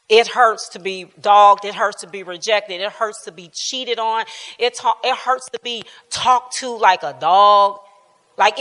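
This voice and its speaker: A woman in her fifties sharing a personal testimony at a Bible class, telling it in an animated way, laughing often and dropping to quiet tones. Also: medium pitch, long reverb tail. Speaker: church speaker sharing testimony. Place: church hall.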